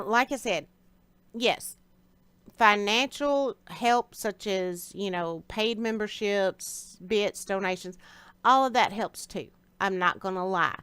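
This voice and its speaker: A woman talks casually on a live stream, greeting viewers and answering their questions in a chatty, direct way. Her voice is smooth and clear, and the sound is dry and close, with little room around it. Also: medium pitch, fairly bright tone, no room sound. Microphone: streaming setup.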